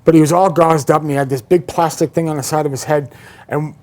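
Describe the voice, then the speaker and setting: A man with a slightly raised voice rambles through childhood stories in a relaxed talk show. He laughs often and lets some lines trail off quietly. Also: a little high, fast. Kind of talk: casual chat.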